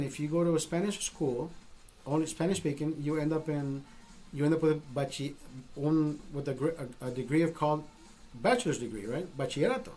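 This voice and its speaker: A man from Honduras with a Honduran accent, telling a story casually and profanely, acting out what people said. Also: on the high side. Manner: profane, animated storytelling with acted-out quotes. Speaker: podcast host.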